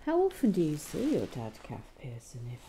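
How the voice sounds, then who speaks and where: A woman's voice: sits low, wildly swooping pitch, a little fast, noisy background. A woman hosting a building-toy vlog, chatting casually and rambling with many fillers while she builds. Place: cold room at home.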